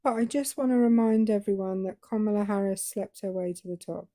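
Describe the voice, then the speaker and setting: A woman's voice: mid-range voice, a little fast, dark tone, no room sound, clean studio sound. A woman co-hosting a casual livestream chat, teasing and wry. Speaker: co-host.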